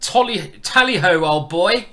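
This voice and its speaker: A man on a chess live stream putting on a hearty, sing-song posh English gentleman, booming and jaunty. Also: animated, unhurried, exaggerated voice.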